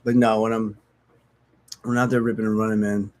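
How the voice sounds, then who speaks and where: A man's voice: on the low side, little pitch movement, brisk, darkish tone. Frank, rambling man talking about recovery. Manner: rambling, frank and profane, self-mocking. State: sneezing, withdrawal from opiates. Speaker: recovery vlogger. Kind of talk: casual candid talk to camera.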